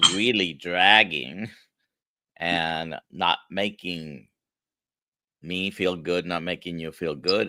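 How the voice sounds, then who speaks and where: A man with a Spanish accent hosts a livestream interview, his voice very deep and the delivery slow and halting. He often repeats a word before going on. The sound is bright and dry. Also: dry recording. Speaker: host.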